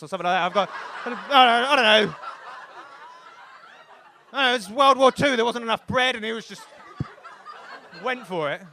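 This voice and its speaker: Young male stand-up comic, bright tense voice, rambling and animated delivery. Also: extremely high pitch, fairly quick, long pauses, a little hiss or hum. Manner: rambling, animated, bursts into loud shouts. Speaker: stand-up comedian. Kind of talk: stand-up routine. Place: comedy club stage.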